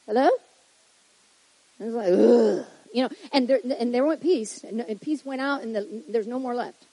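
A woman's voice: fairly high pitch, normal speed, mellow, husky, no echo, poor audio. A woman pastor preaching to church leaders in a conversational way, often checking in with her listeners and acting out little quoted exclamations.

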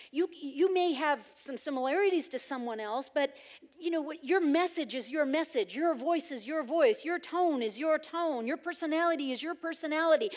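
A woman preaching a sermon, loud and emphatic with playful humor. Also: high voice.

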